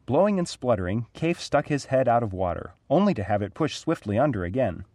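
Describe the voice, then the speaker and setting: A man narrating a storybook aloud in a clear, even read-aloud delivery. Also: medium pitch, fairly quick, no echo.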